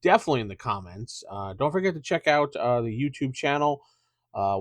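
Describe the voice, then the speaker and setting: A man hosting a casual tabletop gaming podcast, rambling and thinking out loud with lots of fillers. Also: mid-range voice, dry recording. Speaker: podcast host.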